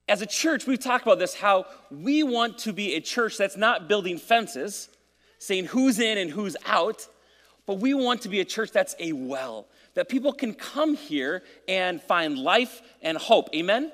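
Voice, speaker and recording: Guy pastor preaching at church, kinda high voice, big echoey hall sound, joking around then praying. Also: sing-song, measured pace, fairly bright tone. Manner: casual and joking, then reading scripture and praying. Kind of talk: sermon. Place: church sanctuary.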